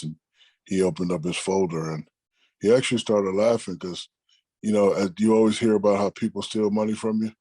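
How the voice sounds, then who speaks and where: Deep husky man telling stories. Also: a little fast, no echo. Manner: relaxed, conversational, acts out quoted people. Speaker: interview guest. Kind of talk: casual storytelling.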